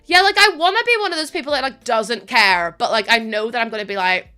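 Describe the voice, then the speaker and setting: A woman's voice: a little high, quick pace, sharp tone, smooth, soft background music. A woman with a Northern Irish accent chatting casually on a live stream, laughing often and thanking viewers by name. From Northern Ireland.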